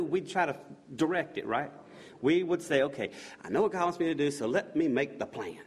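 A middle-aged man giving an earnest personal testimony, telling his story in a loose, conversational way with frequent restarts. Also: mid-range voice. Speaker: volunteer sharing his faith story.

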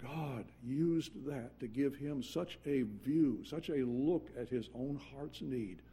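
A man preaching a sermon earnestly, dropping to quiet intensity and then rising into urgent passages. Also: medium pitch, expressive, slow.

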